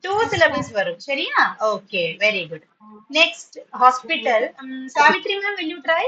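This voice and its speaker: A woman's voice: high voice, big pitch swings, fast, sharp tone, dull audio. A woman teacher, running a spoken class patiently and praising students often, sometimes switching into to explain. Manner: switches into Tamil when explaining. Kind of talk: online spoken English class.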